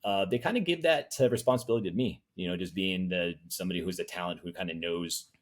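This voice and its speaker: A man's voice: low voice, fast talker. A man speaking as a guest in an interview, telling stories in a rambling way with many fillers. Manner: rambling, filler-heavy storytelling. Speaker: talent producer and voice actor guest. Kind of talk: conversational interview.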